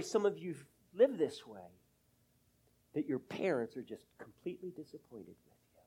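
A middle-aged man preaching a sermon as pastor, earnest, drawing out key words and swinging between loud emphasis and hushed, near-whispered asides. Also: high voice, big pitch swings, normal speed.

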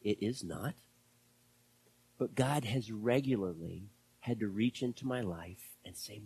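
A man preaching a sermon as pastor, impassioned and then dropping to hushed, whispered prayer. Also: lowish voice, unhurried, pauses often, slightly rough.

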